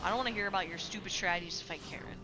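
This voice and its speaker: A woman's voice: lowish voice, rapid-fire, music in the background. A woman streamer chatting casually with her live chat, rambling with lots of filler words and casual swearing.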